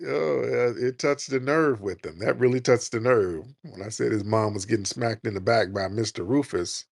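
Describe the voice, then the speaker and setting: A man's voice: medium pitch, lively intonation, moderate pace, gravelly, few pauses, no room sound, studio quality. A man hosting a call-in livestream, laughing and taunting callers in casual chat.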